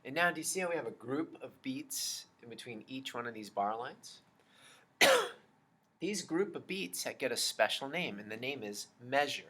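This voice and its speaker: A man teaching a children's music lesson, explaining slowly and patiently and chanting rhythm syllables. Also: medium pitch, lively intonation, sharp tone, husky.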